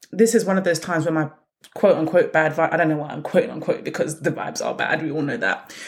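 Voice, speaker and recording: A woman hosting her own podcast, telling stories in a blunt, sarcastic, animated way. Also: low-pitched. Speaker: podcast host. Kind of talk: casual solo podcast monologue.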